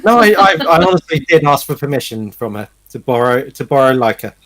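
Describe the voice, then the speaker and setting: A man's voice: medium pitch, big pitch swings, brisk, fairly bright tone. A man guesting as co-host on a casual chat show, hesitant and stammering sheepishly.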